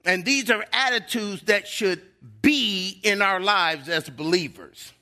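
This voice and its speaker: A man's voice: high-pitched, takes it slowly, pushed and bright. A middle-aged male pastor preaching a sermon in a church, emphatic and drawing out key words.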